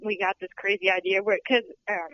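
A woman's voice: medium pitch, level tone, fairly quick, a little hiss or hum. A young woman who works as a studio tour guide, chatting in a bubbly, giggly way with lots of fillers. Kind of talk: casual interview chat. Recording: dull lo-fi sound.

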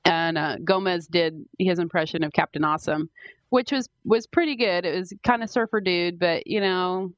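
A woman's voice: fairly low pitch, fairly even intonation, normal speed, dry recording, highs cut off. A woman co-hosting a podcast in casual chat, chatty with many fillers and restarts. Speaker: podcast co-host.

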